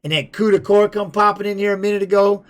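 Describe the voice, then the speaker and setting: A man's voice: high voice, fast. A middle-aged man, a former fighter, swearing freely as he tells a rambling story on his live stream. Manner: profane, animated retelling.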